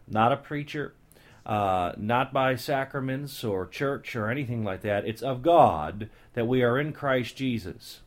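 Male preacher, emphatic and repetitive, casual asides, mid-pitched voice. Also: animated, unhurried. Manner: emphatic, repeats key phrases; conversational asides and fillers. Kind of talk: Bible teaching sermon.

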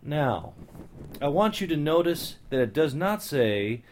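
A man's voice: on the high side, sing-song, unhurried. A man preaching a Bible teaching sermon, repeating key phrases with emphasis and breaking in with casual asides. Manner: conversational asides and fillers.

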